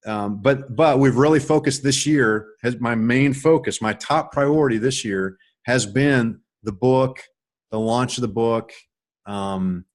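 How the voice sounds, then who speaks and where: A middle-aged man telling a personal story in a casual, rambling way, with many restarts and animated stretches. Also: mid-range voice, unhurried. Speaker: author and guest on a call.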